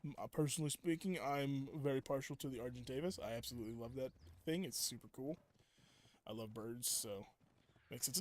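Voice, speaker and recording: A man's voice: mid-range voice, a little fast, a little mellow. A young man chatting casually while live-streaming a game, rambling through stories with lots of fillers and restarts. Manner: rambling, filler-heavy, self-interrupting storytelling.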